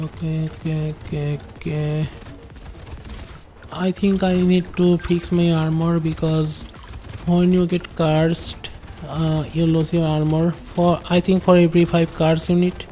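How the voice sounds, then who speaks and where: A woman's voice: deep voice, dark tone, slight background noise. A woman commenting on her game during a livestream, musing aloud and rambling in asides to her chat. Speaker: game streamer.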